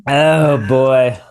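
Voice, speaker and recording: A man's voice: medium pitch, darkish tone. A man from the United States hosting a podcast, easygoing and joking, repeating his guest's answers back. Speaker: podcast host. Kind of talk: casual interview chat.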